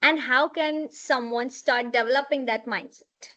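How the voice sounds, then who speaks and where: A woman's voice: high-pitched, measured pace, sharp tone. A young adult woman hosting an interview podcast, enthusiastic and affirming, often chiming in with agreement. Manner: enthusiastic, affirming, frequent backchannels. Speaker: podcast host. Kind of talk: conversational interview. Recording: slightly dull, lo-fi sound.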